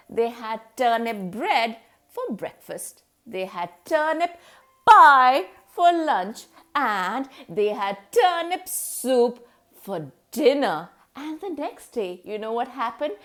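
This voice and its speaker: High, lively woman telling a children's story. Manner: sing-song, animal noises, questions to a young listener.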